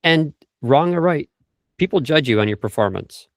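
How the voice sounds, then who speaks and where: A middle-aged man, a vocal coach, talking casually in a podcast interview and acting out example phrases with lively emphasis. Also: on the high side, moderate pace, no room sound, clean studio sound. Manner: animated, acts out example phrases.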